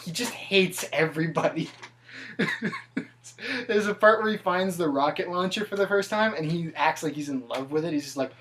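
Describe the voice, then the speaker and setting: A man's voice: fairly high pitch, fairly bright tone, slight background noise. Chatty, laughing man hosting a podcast. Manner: laughs often, halting with fillers. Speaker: podcast host. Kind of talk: casual chat.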